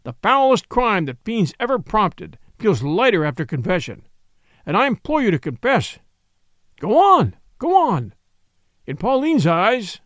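A man voicing a small, earnest older priest who speaks gravely and pleads intensely. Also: on the high side, huge pitch swings, moderate pace, dry recording, clean studio sound. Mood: pleading.

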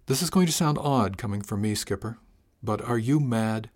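A man's voice: medium pitch, moderate pace, natural voice. A man voicing a blunt but caring female ship's chief engineer, speaking frankly and practically in an audiobook. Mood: questioning. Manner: frank, practical, gently worried. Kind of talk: audiobook character voice.

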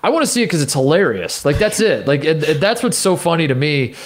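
A man's voice: fairly high pitch, big pitch swings. A man co-hosting a podcast, musing in a loose, rambling way, restarting his sentences often. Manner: rambling, halting, with many restarts. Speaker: podcast co-host. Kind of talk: casual chat.

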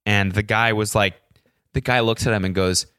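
A man's voice: fairly low pitch, fairly even intonation, moderate pace, pushed and bright, smooth, dry recording, studio quality. A young man hosting a solo podcast, telling stories in a casual, rambling way with lots of swearing and fillers. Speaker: podcast host.

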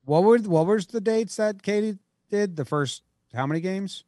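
A man co-hosting a podcast, bantering casually about baseball in an animated, jokey way. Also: high-pitched, moderate pace, dry recording, studio quality. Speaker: podcast co-host. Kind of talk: casual sports chat.

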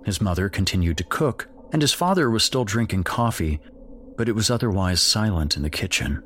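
A man narrating a dark horror story in a measured, grim storytelling voice. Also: fairly low pitch, expressive, slight background noise.

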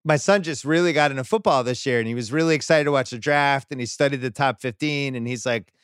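A man hosts a podcast in a loose, animated sports chat, now and then jumping high to act out someone's words. His voice sits at a middling pitch. The mic is dry and close, with no room sound. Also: fast, smooth, dry recording. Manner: animated, acts out quotes with sudden high bursts. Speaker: podcast host.

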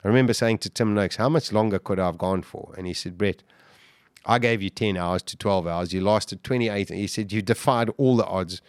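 A man being interviewed, retelling a dramatic story with great intensity and acting out shouts and quoted lines. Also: brisk, no echo, clean studio sound. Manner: vivid, acts out shouts and quotes, voice jumps high when excited. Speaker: guest.

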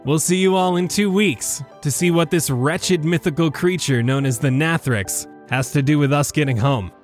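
A man's voice: a little high, normal speed, soft background music. A man hosting a podcast, giving a grateful, upbeat outro. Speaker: podcast host. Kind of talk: show outro.

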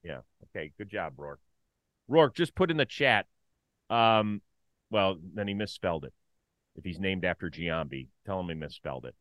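A male co-host in casual sports chat, his pitch leaping around in lively swings. He jumps from loud, joking outbursts to half-mumbled asides. The sound is dry and close. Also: moderate pace, no room sound. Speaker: baseball show co-host.

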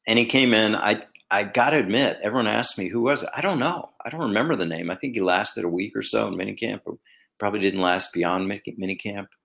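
A man's voice: fast talker, creaky, fairly bright tone. A middle-aged man, a former team executive, talking casually and telling stories, acting out quoted exchanges. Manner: conversational storyteller, acts out quoted dialogue with rising pitch. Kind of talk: casual solo commentary.

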